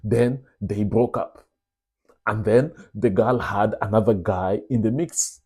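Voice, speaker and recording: A man's voice: fairly low pitch, slow pace, a little mellow, husky. A young man hosting his own show, telling stories in a casual, confiding way and calling his listeners brothers. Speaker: vlog host. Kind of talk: casual storytelling monologue.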